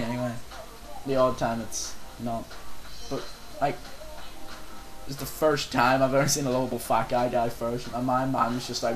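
A man's voice: mid-range voice, echoey room, low-quality recording. A man giving casual, rambling let's play commentary, joking and reading game lines aloud.

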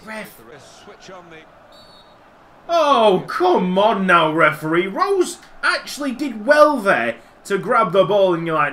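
A young man commentating his own football video game, excitable and often shouting at the match. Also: high voice, slow pace, slight background noise. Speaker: YouTube gamer.

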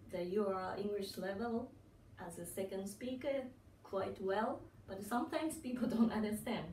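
A woman with a Japanese accent telling stories in an easygoing vlog, pausing often and laughing lightly between thoughts. She speaks slowly, set back from the mic in a roomy space, with faint ambience behind her. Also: medium pitch, a little mellow, distant mic, a little hiss or hum. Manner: unhurried, many pauses and fillers, frequent laughs. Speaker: channel host. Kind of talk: casual storytelling vlog.

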